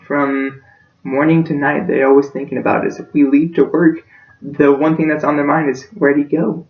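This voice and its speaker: A young man giving a practice persuasive speech for a class, earnest and emotional, his voice close to breaking. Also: a little high. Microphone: self-recorded from a distance. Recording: echoey room, distant dull-sounding mic.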